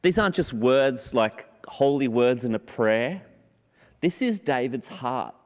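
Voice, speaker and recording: A man preaching in an earnest, steady voice of middling pitch. He leans on key phrases, slowing down and repeating them for weight. The sound carries a long reverb from a large hall. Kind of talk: sermon.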